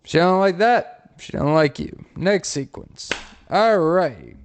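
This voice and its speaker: A man's voice: high-pitched, sing-song, clear, resonant tone. Rambling, profane male podcast host. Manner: rambling, profane, with filler pauses. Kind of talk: comic storytelling.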